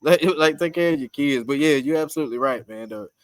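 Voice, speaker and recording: A man's voice: a little high, fast talker, clean tone, no room sound. Guy cohosting a podcast, swears a ton, laughs thru his stories, dry close mic. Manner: profane, animated storytelling with laughs. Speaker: podcast co-host. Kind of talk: casual chat.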